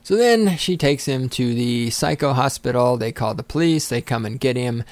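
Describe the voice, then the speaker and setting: A man's voice: medium pitch, expressive, normal speed, darkish tone, dry recording. A man hosting a solo podcast, ranting angrily and sarcastically with constant swearing. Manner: angry, profane, sarcastic ranting. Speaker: podcast host.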